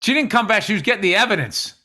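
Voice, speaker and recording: A man's voice: high voice, expressive, very fast, bright, forceful tone. A man co-hosting a podcast in casual chat, wry and joking, telling stories with lots of animation. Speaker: podcast co-host.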